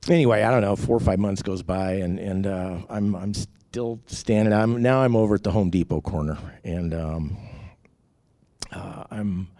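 A man's voice: deep voice, moderate pace, dark tone, dry recording. A man giving a rambling, candid personal testimony, full of fillers and restarts. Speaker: testimony speaker.

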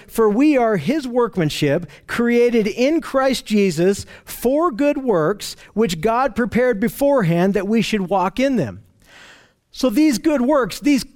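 A man with a notably high voice leads a relaxed Bible study. He talks it through in a conversational way, often repeating himself and stopping to restart a phrase. He keeps telling his listeners what to notice and puts questions to the group.

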